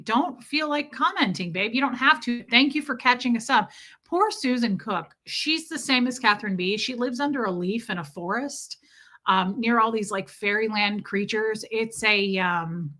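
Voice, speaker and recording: Expressive and speaking at a normal speed, a young woman from the Midwest hosts a laid-back livestream, rambling and reacting to comments from viewers. Her voice is on the high side, pushed and bright, with a Midwestern American accent.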